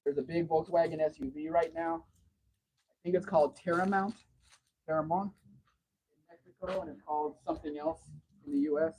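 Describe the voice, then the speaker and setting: A man with a somewhat high but mellow, husky voice talks loosely on a home livestream. He drifts from one story to the next with an easygoing, chatty ramble. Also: flat delivery, brisk, rough recording. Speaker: livestream host. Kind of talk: casual livestream chat.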